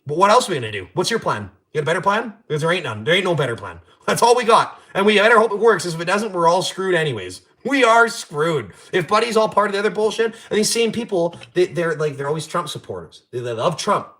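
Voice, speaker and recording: A man's voice: high voice, sing-song, quick pace, hardly any pauses, fairly bright tone. A young Canadian man hosting a casual livestream from his garage, rambling and swearing as he reads chat. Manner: rambling, profane, trash-talking. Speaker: livestream host. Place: home garage.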